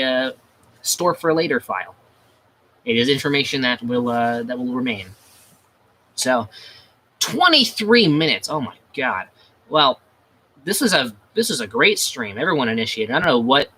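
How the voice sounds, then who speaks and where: A man's voice: medium pitch, sharp tone. A man chatting casually on a livestream, rambling with many restarts, crude and self-mocking. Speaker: livestream host.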